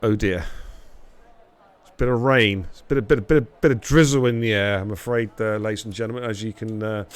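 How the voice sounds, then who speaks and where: A man's voice: lowish voice, a little fast. A man hosting a racing league live stream, bantering and teasing the drivers in casual commentary. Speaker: race league host.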